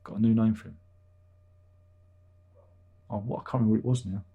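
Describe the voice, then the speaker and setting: A middle-aged British man hosts a livestream, reading viewer chat and answering it casually with dry jokes and chuckles. His voice sits on the low side with fairly even intonation, a slightly quick pace, vocal fry and a little roughness. The recording sounds muffled.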